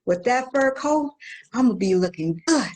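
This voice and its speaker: A woman's voice: on the high side, animated, normal speed, a little mellow, natural voice, poor audio. A woman playing a sassy bragging young looter. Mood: boastful. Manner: boastful, slangy, drawling exclamations. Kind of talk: comedic skit.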